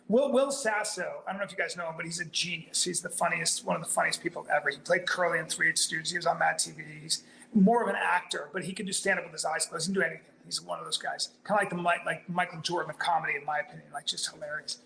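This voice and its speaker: A man, a comedian, telling a long funny anecdote, acting out his own reactions with sudden loud exclamations and laughing as he goes. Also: on the high side, steady tone, fast talker, vocal fry, echoey room, slight background noise, low-quality recording. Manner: laughs through his story, frequent "like" fillers. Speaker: comedian guest.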